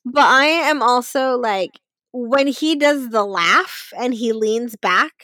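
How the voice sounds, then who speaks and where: High-voiced swearing woman podcaster. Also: takes it slowly, no room sound. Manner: swears freely, animated and laughing. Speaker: podcast co-host. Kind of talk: casual chat.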